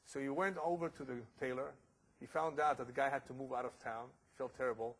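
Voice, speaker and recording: A man's voice: medium pitch, fast talker, breathy edge, rough recording. A man giving a religious lecture as a rabbi, telling stories and sprinkling in Hebrew and Yiddish terms.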